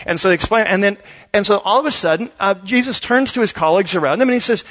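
A man's voice: sits high, fast, a bit bright. A male pastor preaching a sermon in a conversational, storytelling way, acting out bits of dialogue.

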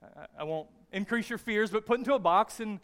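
A man voicing a fearful woman client who talks in a halting, stammering way, retelling a comedy skit in a sermon. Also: sits high, fairly bright tone. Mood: anxious.

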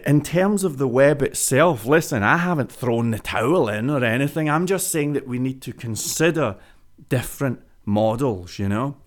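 A man talking straight to his viewers in a casual vlog, pitching an idea like a salesman and repeating phrases for emphasis. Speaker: web business vlogger. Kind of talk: energetic casual monologue to camera.

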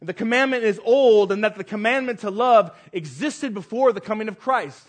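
A man's voice: high voice, moderate pace. A male pastor preaching a sermon, reading scripture aloud with earnest, rising emphasis.

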